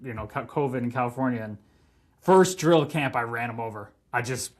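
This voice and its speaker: A man in his thirties, a hockey player telling stories on a podcast, animated, swearing and laughing as he goes. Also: mid-range voice, fairly quick. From Canada. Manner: animated, profane, laughing storyteller. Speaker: guest, pro hockey player. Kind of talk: casual podcast storytelling.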